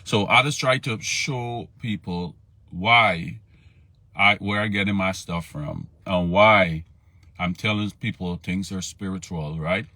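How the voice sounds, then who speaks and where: A man's voice: low voice, takes it slowly, bright, forceful tone, no room sound. A man hosting a live morning devotional stream, talking informally, greeting viewers by name and repeating himself. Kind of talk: casual live-stream Bible talk.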